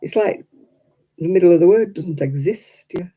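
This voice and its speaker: Chatty woman, mellow voice. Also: fairly low pitch, moderate pace, slightly rough, rough recording. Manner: chatty, laughs often, mimics other accents. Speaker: vlogger. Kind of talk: casual chat to camera. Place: quiet room at home.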